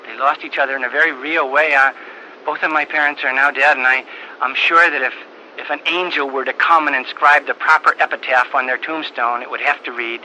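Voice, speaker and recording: Earnest older priest, halting storyteller. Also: male voice, medium pitch, fairly even intonation, pushed and bright, rough recording. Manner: halting, repeats words often, earnest. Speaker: priest giving a talk. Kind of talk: storytelling talk. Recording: old tape recording with faint hiss.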